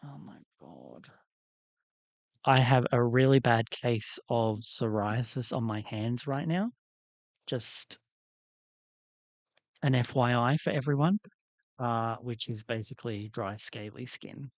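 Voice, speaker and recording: A man's voice: mid-range voice, takes it slowly, no room sound. A man hosting a livestream, chatting casually in a rambling, candid way while he works on a doll. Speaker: livestream host.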